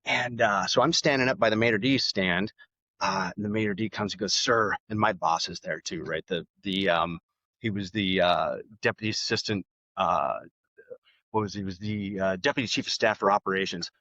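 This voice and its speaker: A middle-aged man with a low-pitched voice tells stories at an easy pace, his talk full of fillers and restarts. The recording is dry and slightly dull. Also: normal speed, no room sound. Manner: relaxed, with frequent fillers and restarts. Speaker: podcast guest. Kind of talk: casual interview storytelling.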